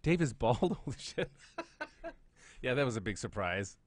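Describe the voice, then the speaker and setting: A man's voice: medium pitch, big pitch swings, moderate pace. A man co-hosting a casual live stream, reacting to his partner and laughing a lot. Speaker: podcast co-host.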